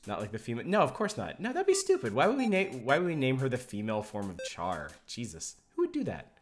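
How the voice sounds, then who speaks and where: Wry, animated game streamer. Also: mid-range voice, fast talker. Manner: wry, joking, reacts to chat. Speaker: streamer playing a video game. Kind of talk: casual live-stream commentary. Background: video game music.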